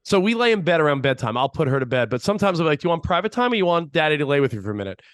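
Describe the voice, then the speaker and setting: A man co-hosting a parenting podcast, chatting casually and telling animated stories about his kids. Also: on the high side, very fast, no room sound, clean studio sound. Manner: animated storytelling, acts out his kids' voices. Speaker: podcast co-host. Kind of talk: casual chat.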